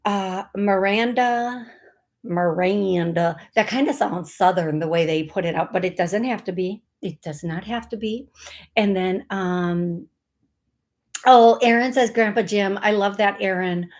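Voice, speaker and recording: Slow, unhurried woman host giving live psychic readings, playful and rambling, spells names aloud. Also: medium pitch.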